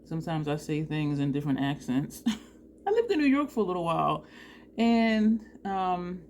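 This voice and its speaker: Chatty makeup vlogger, a woman with a lower voice, animated, quick to laugh. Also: a little hiss or hum. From New Jersey. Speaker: beauty vlogger. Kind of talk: casual makeup tutorial chat.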